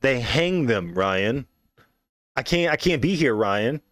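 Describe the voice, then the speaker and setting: A man's voice: medium pitch, expressive, takes it slowly, fairly bright tone, no echo, studio quality. A man voicing a panicky old male crackhead inmate, frantic, profane and pleading. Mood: panicked.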